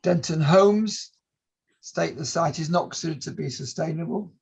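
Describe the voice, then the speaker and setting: A man chairing a formal planning hearing over a video call, politely summarising submissions in a measured way with some hesitations. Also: a little high, gravelly, breathy edge, dull audio. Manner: polite, measured, reads points aloud with hesitations.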